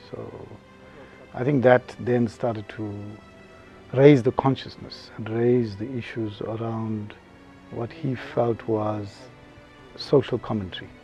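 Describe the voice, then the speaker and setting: A man's voice: lowish voice, creaky, mellow, dull audio. A man speaking hesitantly in a documentary interview, often correcting himself.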